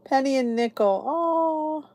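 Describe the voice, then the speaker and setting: A woman hosts her own YouTube channel, chatting casually live with viewers and answering their comments. Her voice is high and a little mellow, her pace slow, and there's no room sound.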